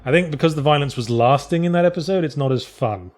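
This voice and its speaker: A man's voice: fairly high pitch, fast, darkish tone. A man co-hosting a let's play, chatting casually over gameplay in a dry, sarcastic way. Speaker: co-host of a let's play podcast.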